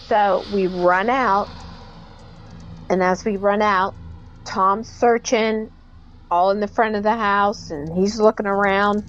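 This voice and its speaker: A woman guest on a podcast, recounting a haunting in an animated way and acting out the dialogue she quotes. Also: mid-range voice, slow pace, muffled recording. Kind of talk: podcast interview storytelling.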